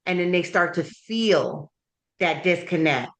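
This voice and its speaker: A woman's voice: fairly low pitch, unhurried, fairly bright tone. A woman in her thirties hosting a candid conversation, telling personal stories in a reflective, emotional way. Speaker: podcast host.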